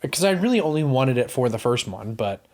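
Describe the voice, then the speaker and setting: A man co-hosting a movie podcast, talking in an easy, unscripted way at a middle pitch. He rambles and restarts his sentences, acts out lines in other voices, and swears freely as he gets going. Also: sing-song, fast talker, a little mellow. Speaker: podcast co-host. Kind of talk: casual movie chat.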